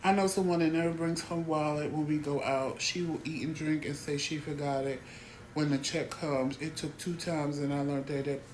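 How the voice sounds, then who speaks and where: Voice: mid-range voice, fairly even intonation, moderate pace, roomy sound, a little hiss or hum. Blunt, exasperated talk show host. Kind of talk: casual talk show chat.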